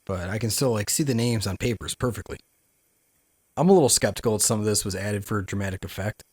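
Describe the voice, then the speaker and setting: Husky-voiced man doing wry travel commentary. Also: on the low side, fast, a little mellow. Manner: wry, candid asides. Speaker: travel vlogger. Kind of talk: casual travel vlog commentary.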